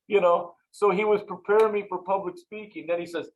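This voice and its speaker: A man with a high-pitched voice, a longtime football coach, tells interview stories at a brisk pace with few pauses. He's animated and acts out each quoted exchange. The audio is dull.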